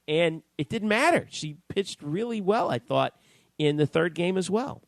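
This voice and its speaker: A man's voice: a little high, expressive, normal speed, no room sound. A man co-hosting a sports podcast, chatting casually and chiming in with his own takes. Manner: chatty, interjecting. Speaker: podcast co-host.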